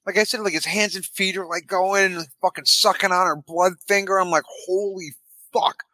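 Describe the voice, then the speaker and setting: A man co-hosting a podcast, retelling scenes in an animated, profane way. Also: high voice, a little fast, no echo. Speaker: podcast co-host. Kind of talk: casual chat.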